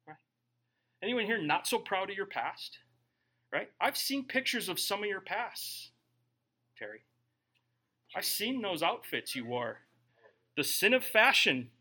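Bright, high-voiced animated preacher man. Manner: animated, joking, bursts of shouting. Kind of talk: humorous sermon.

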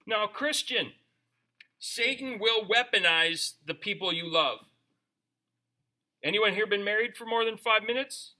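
Man, pastor, sermon, lively and joking, high-pitched, very bright tone. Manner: animated, conversational preaching with humor.

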